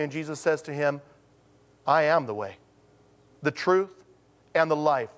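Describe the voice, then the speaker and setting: A man preaching from the pulpit, his voice sitting a bit higher than most men's. He tells stories with animated, acted-out quotes, then slows to a firm, deliberate pace to drive home each point. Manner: animated storytelling, acts out quotes with sudden pitch jumps; slows to a deliberate, emphatic delivery on key points. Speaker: pastor. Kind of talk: sermon.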